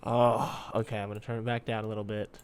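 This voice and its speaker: A man's voice: fairly low pitch, little pitch movement, fast talker, over loud music. A man hosting a reaction video, musing aloud with rambling commentary and frequent ums.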